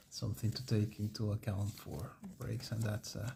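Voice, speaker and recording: Gravelly-voiced man streaming a card break. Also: lowish voice, completely flat delivery, a little slow, background noise. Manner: chatty, rambling, reading off player names.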